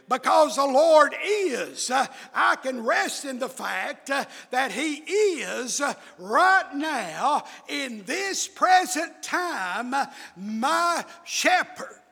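A male preacher who preaches in bursts, shouting his emphatic lines, with many "uh" fillers. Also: very high voice, gravelly, husky. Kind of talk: fiery sermon. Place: church. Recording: echoey hall with long reverb.

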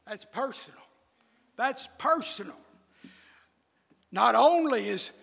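A male preacher who preaches in bursts, shouting his emphatic lines, with many "uh" fillers. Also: sits high, slow pace, gravelly, long pauses, slightly rough. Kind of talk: fiery sermon. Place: church. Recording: echoey hall with long reverb.

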